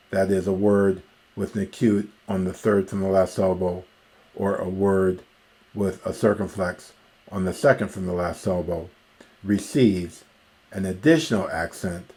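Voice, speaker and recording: A man teaching ancient Greek grammar in a recorded lecture, explaining the rules slowly and methodically and pausing often with ums. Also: low-pitched, dark tone.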